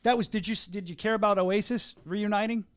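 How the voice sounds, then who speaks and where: Rapid-talking excitable male podcast host. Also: sits high, clean tone, no room sound. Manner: fast, excitable and upbeat, with frequent restarts. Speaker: podcast host interviewing a fighter. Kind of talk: casual interview chat. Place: studio booth.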